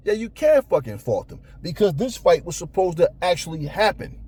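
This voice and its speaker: A man's voice: high voice, lively intonation, a little fast, dark tone, breathy edge. A man ranting bluntly about boxing in casual talk, cursing often and stumbling over repeated words. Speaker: boxing commentator. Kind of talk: casual opinion rant.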